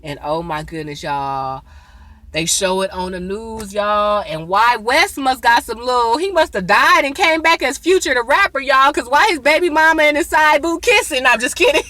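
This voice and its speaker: A woman, recapping a TV episode in a chatty, excitable way, often saying "y'all.". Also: medium pitch. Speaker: TV episode reviewer. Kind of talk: casual recap vlog.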